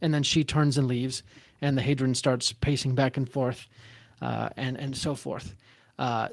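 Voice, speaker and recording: Halting male game master. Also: a little high, dry recording. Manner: halting, many fillers and restarts. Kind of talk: narrating a tabletop one-shot.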